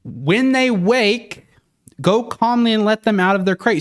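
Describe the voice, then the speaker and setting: A man who trains dogs, hosting a podcast: he reads out a list of steps, then gives his own opinion in a relaxed, conversational way. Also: high voice, unhurried, dry recording, studio quality. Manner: conversational, with fillers and restarts. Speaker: dog trainer and podcast host. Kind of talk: casual podcast commentary.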